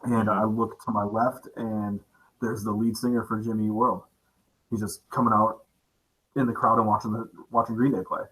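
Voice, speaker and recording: A man telling a concert story in casual chat, relaxed, with many "uh" fillers. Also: fairly low pitch, normal speed, husky, poor audio.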